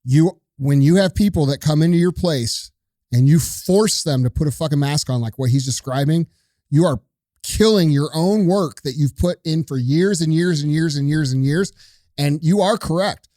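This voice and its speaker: A man delivering a forceful, profane rant as a podcast host. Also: a little high, normal speed, dry recording, studio quality. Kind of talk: opinionated rant.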